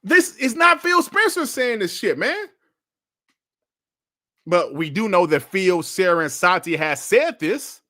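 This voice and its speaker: Male gaming podcast host, blunt and slangy, slightly high voice with lively swings in pitch. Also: measured pace. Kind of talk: casual gaming podcast rant.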